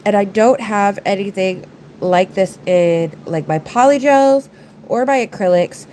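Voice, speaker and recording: A woman's voice: medium pitch, a little slow, dark tone, slight background noise, low-quality recording. Congested, chatty woman livestreaming. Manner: chatty, rambling, talks to viewers and her pets. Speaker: nail art livestreamer. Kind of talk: casual livestream chat while doing nails.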